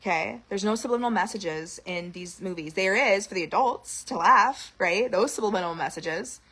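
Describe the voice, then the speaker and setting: A young woman ranting in an outspoken, animated monologue to camera. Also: mid-range voice, moderate pace, husky. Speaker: vlogger.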